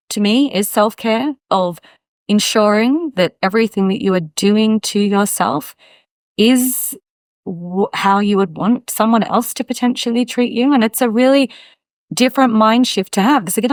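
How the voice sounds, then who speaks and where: A woman's voice: on the high side, no room sound. A woman hosting an interview, speaking reflectively and often affirming her guest. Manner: warm reflective talk with frequent affirmations. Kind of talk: casual interview conversation.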